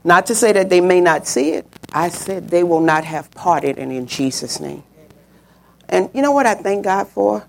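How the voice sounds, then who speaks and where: A middle-aged woman preaching a sermon, telling a personal story and swooping up high when she quotes people. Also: expressive, moderate pace, creaky.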